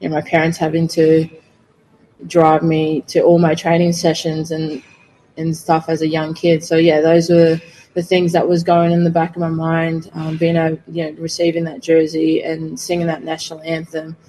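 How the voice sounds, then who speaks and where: A woman in her thirties speaks in an even, level tone, answering interview questions sincerely and leaning on filler phrases. A faint hum of background noise sits under her voice. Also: low-pitched, normal speed, rough recording. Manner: earnest, many "you know" fillers. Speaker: rugby player guest.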